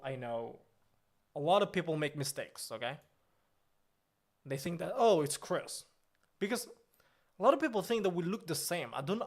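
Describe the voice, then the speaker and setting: A man's voice: fairly high pitch, lightly acted. A man playing a pompous, boastful, easily offended company boss on a comedic livestream, talking in an indignant, grandiose way.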